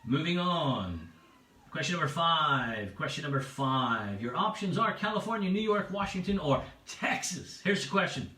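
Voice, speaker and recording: Lively bright-voiced male quiz host. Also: a little high, normal speed, far from the mic. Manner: chatty, repeats each question, laughs at own jokes. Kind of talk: livestreamed pub quiz hosting. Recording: echoey room, away from the mic.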